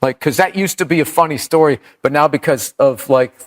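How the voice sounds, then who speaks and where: This stand-up's voice is a bit high and his delivery a little fast as he spins loose, profane anecdotes on a podcast. He rambles and does voices for the quotes.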